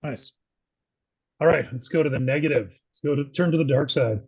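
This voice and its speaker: A man's voice: medium pitch, fairly quick, a little mellow, breathy edge, no room sound, lo-fi sound. A man co-hosting a casual business talk show, reading points from notes and then asking his partner questions. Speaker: podcast co-host.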